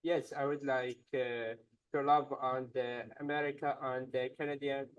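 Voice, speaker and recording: A man learning English, answering in hesitant, halting phrases. He sounds far from the mic on a muffled video call. His voice is smooth and the sound is dry. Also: mid-range voice, little pitch movement, no room sound.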